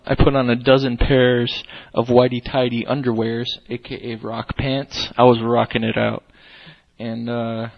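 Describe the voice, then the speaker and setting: A man's voice: medium pitch, creaky. A young man hosting a livestream, chatting casually and telling rambling, profane stories, with dull lo-fi audio. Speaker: livestream host.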